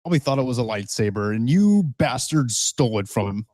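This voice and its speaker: A man's voice: mid-range voice, expressive, brisk, a little mellow, no room sound, studio quality. A man co-hosting a podcast who cracks crude jokes and mock-acts lines in banter. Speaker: podcast co-host. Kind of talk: joking banter.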